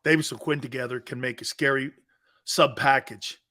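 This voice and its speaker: A middle-aged American man hosting casual live sports talk, animated and laughing, reading out viewer comments. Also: mid-range voice, moderate pace. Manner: animated, loud bursts, laughs a lot.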